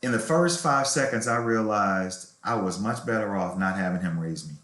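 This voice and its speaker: A man's voice: fairly low pitch, normal speed, a bit bright. A middle-aged man, a novelist, telling his life story in a reflective, candid way during an interview. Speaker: novelist guest. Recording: roomy echo.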